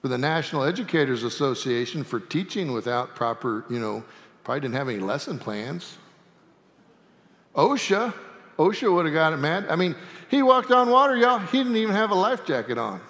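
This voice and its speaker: A man preaching from the pulpit in a folksy, animated way, dropping playful asides. His voice sits a little high for a man, and it rings out with the long reverb of a church sanctuary. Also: brisk. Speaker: pastor. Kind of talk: sermon.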